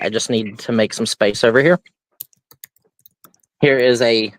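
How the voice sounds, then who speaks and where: A chatty man running a live-streamed collectibles auction, rambling as he describes each lot. His voice sits at an ordinary middle pitch and sounds dry and close, with no room around it. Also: dry recording. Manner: chatty, rambling, explains items as he shows them. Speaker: auction host.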